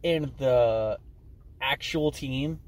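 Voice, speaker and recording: A man's voice: medium pitch, drawn-out words. A man co-hosting a casual movie review podcast, gushing enthusiastically and swearing. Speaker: podcast co-host.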